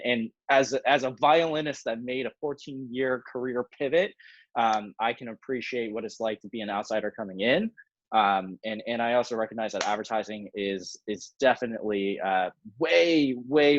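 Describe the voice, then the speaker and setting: A man's voice: mid-range voice, no room sound. A man hosting a casual video call discussion, speaking in an upbeat, encouraging way. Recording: dry, muffled lo-fi audio.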